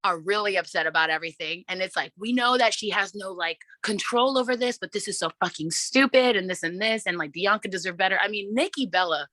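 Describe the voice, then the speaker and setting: A woman hosting a casual wrestling podcast, excitable and swearing often, acting out her own reactions as she tells a story. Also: medium pitch, fairly quick, few pauses, dry recording. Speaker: podcast host.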